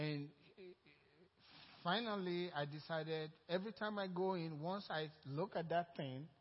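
A man's voice: fairly high pitch, slightly rough, long reverb tail, muffled recording. A Nigerian-accented man preaching a sermon, telling a personal story and acting out the dialogue. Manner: storytelling, acting out quoted dialogue, growing louder and more excited. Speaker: pastor.

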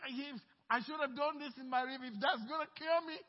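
A man's voice: fairly even intonation, brisk, long reverb tail, lo-fi sound. A man voicing a proud, indignant foreign general who scoffs in disbelief. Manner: incredulous, shrill and scoffing.

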